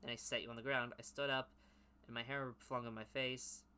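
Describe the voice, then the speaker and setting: Man reading calm young man who freezes time, quiet storybook read, bright tone. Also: medium pitch, brisk, smooth, natural voice.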